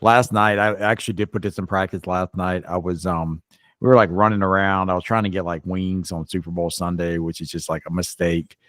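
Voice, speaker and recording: A man's voice: low-pitched, a little fast, dry recording. A man co-hosting a podcast, telling a story animatedly, often restarting his sentences. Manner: animated, restarts, rises sharply when quoting. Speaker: podcast co-host. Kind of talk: casual storytelling chat.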